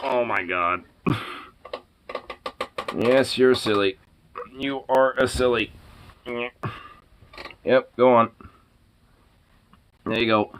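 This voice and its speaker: A man's voice: medium pitch, fairly even intonation, slow, long pauses, a little hiss or hum, rough recording. A man talking casually to his pet dog, teasing and exasperated, swearing freely. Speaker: dog owner.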